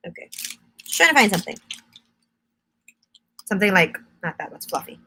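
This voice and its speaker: Woman, young adult, bright clear voice, chatty live-stream makeup tutorial host, instructive. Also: medium pitch, moderate pace, pauses often, a little hiss or hum. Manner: chatty, instructive, answers viewer comments.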